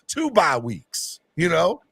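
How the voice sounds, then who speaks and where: A man's voice: a little high, wildly swooping pitch, slow pace, vocal fry, a bit bright, husky, no room sound. Playful fan show host, man. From Mississippi. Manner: playful, teasing, sometimes mock-serious. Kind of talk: casual chat. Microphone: video call.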